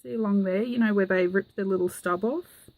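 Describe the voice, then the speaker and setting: A woman chats her way through a casual craft vlog, enthusing over everything she shows. She speaks at an ordinary, mid-range pitch, and her talk is full of little "um" fillers. The sound is dry, with no room echo at all. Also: fairly quick, a little mellow. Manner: gushing and enthusiastic, with frequent "um" fillers. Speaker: craft vlogger. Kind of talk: casual show-and-tell vlog.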